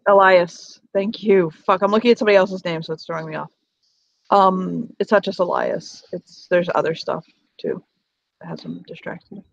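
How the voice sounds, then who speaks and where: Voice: mid-range voice, fairly even intonation, moderate pace, creaky, no echo. A game narrator describing characters' actions in a tabletop game, rambling, swearing and laughing often. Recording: dull lo-fi mic, faint hiss.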